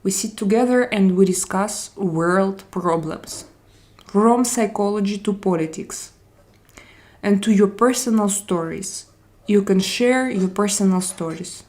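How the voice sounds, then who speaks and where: Slow-talking woman streamer. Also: medium pitch, darkish tone. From Russia. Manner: greets viewers by name, switches between English, Spanish and French; unhurried, drawn-out phrasing. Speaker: live stream host. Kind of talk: casual live-stream chat reading viewer comments.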